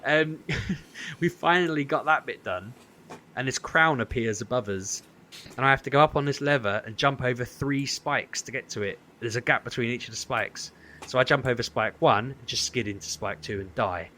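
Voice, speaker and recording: A man's voice: mid-range voice, fairly quick. A man, co-hosting a podcast, telling a story in casual chat and acting out what people said. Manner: animated storytelling, acts out quotes. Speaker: podcast co-host.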